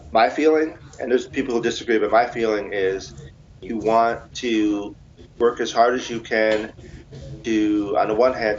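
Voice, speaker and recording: A man being interviewed as an author, talking in a relaxed, chatty way with self-mocking humor. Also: lowish voice. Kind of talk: casual interview answers. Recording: dull lo-fi recording.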